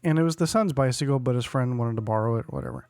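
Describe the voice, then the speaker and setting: A man's voice: mid-range voice, quick pace, no room sound, clean studio sound. A man in his forties co-hosting a podcast, telling a story in casual chat, acting out other people's lines and laughing often. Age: 40s. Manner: animated storyteller who acts out quotes and laughs often. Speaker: podcast co-host.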